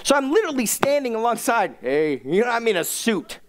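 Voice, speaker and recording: Animated pastor telling a story. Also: male voice, extremely high pitch, fairly quick. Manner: animated, self-mocking, acts out quoted dialogue. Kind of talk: storytelling sermon.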